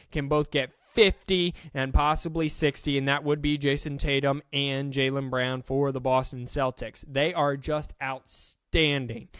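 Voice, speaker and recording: A man's voice: fairly high pitch, a bit bright, smooth, dry recording. A man hosting a casual solo sports podcast, chatty and self-deprecating, stumbling now and then over names.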